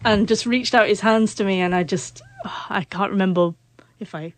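A woman's voice: mid-range voice, moderate pace. A woman in her forties, an author telling a personal story in an interview, who stutters on the first sounds of words. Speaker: author and guest.

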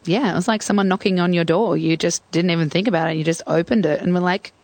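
A young Australian woman speaking candidly, her voice carrying a gravelly edge. She recalls her story with hesitations and fillers, close to the mic in a dry studio. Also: on the low side, fairly even intonation, fast, a little mellow, no room sound. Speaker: guest. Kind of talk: reflective storytelling interview.

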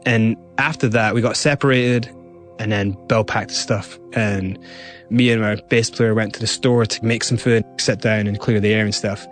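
A man's voice: lowish voice, fairly even intonation, normal speed, faint music behind. A man, a guest in an interview, recounting events animatedly and acting out other people's lines. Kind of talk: interview storytelling.

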